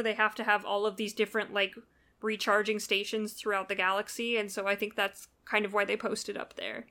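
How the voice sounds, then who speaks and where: A woman hosting a casual podcast, recapping a story in an animated, chatty way. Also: mid-range voice. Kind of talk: casual chat.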